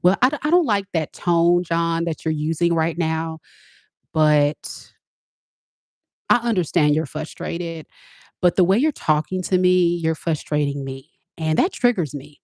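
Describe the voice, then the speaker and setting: A woman's voice: low voice, unhurried, no room sound, studio quality. Sassy forty-year-old woman tarot reader. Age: 40s. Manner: candid, sassy, animated storytelling. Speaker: tarot reader and spiritual advisor. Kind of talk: live-stream chat answering viewers.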